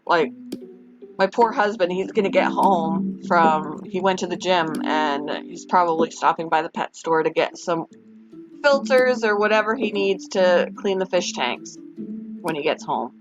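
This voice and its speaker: Woman, casual stream chat, worked up and sighing, slow pace, music behind. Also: on the low side, expressive. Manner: upset and venting, sighing, talks slowly. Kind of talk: casual live-stream chat while doing a puzzle. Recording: dull lo-fi sound with music behind. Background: background music.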